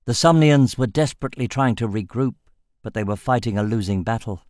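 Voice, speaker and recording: A man narrating a fantasy audiobook in a steady, measured storytelling voice. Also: mid-range voice, dry recording, clean studio sound.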